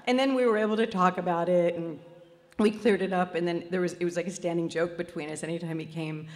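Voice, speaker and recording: A woman's voice: on the low side, steady tone, quick pace, long reverb tail. A woman speaking at a festival, telling a personal story and laughing at herself as she goes. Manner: warm self-deprecating storyteller who laughs at herself. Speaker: spiritual healer speaking at a festival.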